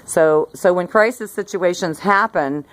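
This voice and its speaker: A middle-aged woman with a low voice talks to her camera outside by a hillside garden. She rambles and restarts her sentences, laughing now and then as she goes. It sounds like a relaxed chat about her day. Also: a little slow, no echo. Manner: rambling, self-interrupting, laughs often. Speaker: vlogger. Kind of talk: casual talk to camera.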